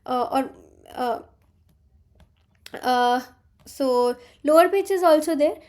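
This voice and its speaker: A woman's voice: sits high, slow pace, a little mellow. A young woman, a teaching assistant explaining quiz answers in a live online lecture, with many fillers and restarts.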